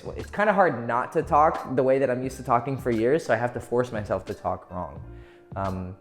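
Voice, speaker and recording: A man's voice: mid-range voice, fairly quick. A man giving casual dating advice, loose and profane, laughing easily as he explains. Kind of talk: casual instructional talk.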